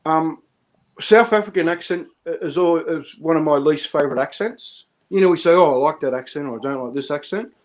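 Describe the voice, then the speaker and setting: A man's voice: on the high side, fairly quick. A man chatting casually on a live stream, rambling with lots of restarts and chuckles. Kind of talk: casual chat.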